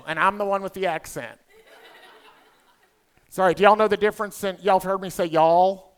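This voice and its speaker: A man in his fifties with a Southern US accent, emceeing a conference as a comedian with quick, playful crowd work. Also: sits high, fairly even intonation, smooth. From South Carolina. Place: conference hall stage.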